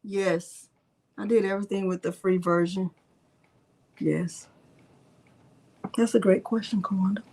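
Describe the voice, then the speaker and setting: Mellow and steady in tone, a medium-pitched woman talks at a measured pace with long pauses. As a craft channel host giving a casual live tutorial, she narrates each click, chats with viewers in the chat, and sometimes mutters to herself.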